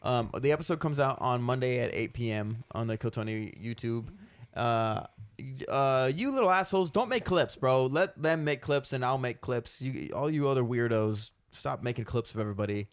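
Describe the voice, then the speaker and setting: A man in his thirties hosts a podcast in a mid-pitched voice, loose and joking, cursing casually. The recording is close and dry. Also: moderate pace, smooth, no room sound. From United States. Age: 30s. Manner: loose, joking, swears freely. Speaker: podcast host.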